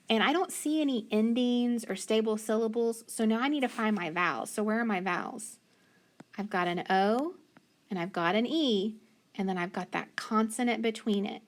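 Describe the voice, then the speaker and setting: Lady teacher sounding out words slow and patient, phonics lesson, ordinary pitch.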